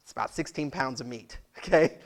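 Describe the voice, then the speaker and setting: A pastor delivers a sermon in church in a chatty, conversational way, laughing often and putting questions to the congregation. His voice is medium-pitched and a little fast.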